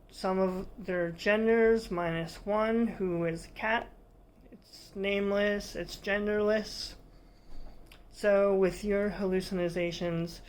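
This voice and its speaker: A woman asking a viewer question, setting out her points one by one in a measured way. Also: mid-range voice, a little mellow. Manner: measured, sets out numbered questions.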